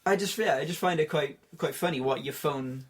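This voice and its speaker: A man's voice: on the high side, brisk, breathy edge. A man co-hosting a casual podcast, giggly and hesitant, with lots of fillers. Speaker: podcast co-host. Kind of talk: casual chat. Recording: faint background noise.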